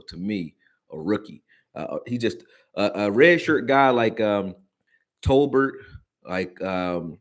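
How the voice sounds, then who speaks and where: Deep-voiced man riffing on football. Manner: loose, slangy, chats with viewers. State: hiccups. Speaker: sports reaction host. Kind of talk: casual live-stream commentary.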